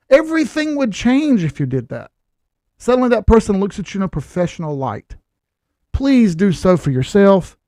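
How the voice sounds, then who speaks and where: High-voiced man giving blunt market commentary. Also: sing-song, normal speed, warm tone, no room sound, studio quality. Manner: blunt, lecturing, sarcastic asides. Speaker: crypto chart analyst host.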